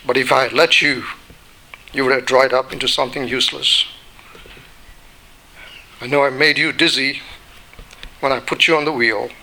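Man reading as a calm, patient master potter. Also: mid-range voice, creaky, a little hiss or hum, low-quality recording.

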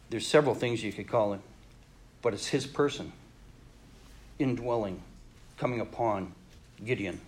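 A man with a mid-range voice preaches a sermon earnestly, pausing and starting over, and his voice drops softly whenever he turns reflective.

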